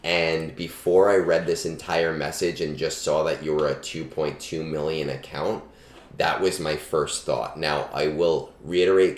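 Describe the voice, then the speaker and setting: Deep-voiced male streamer, loose and chatty with lots of ums, cheap mic in a boomy room. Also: reverberant. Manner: relaxed, chatty, frequent ums. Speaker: streamer giving game advice. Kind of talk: casual live-stream chat. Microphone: budget starter microphone.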